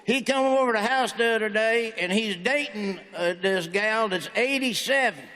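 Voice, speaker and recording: A man's voice: sits high, moderate pace, pushed and bright. A man with a Southern American accent doing a stand-up comedy set, delivering folksy punchlines in a drawl. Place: large hall on stage. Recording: stage mic in a big reverberant hall.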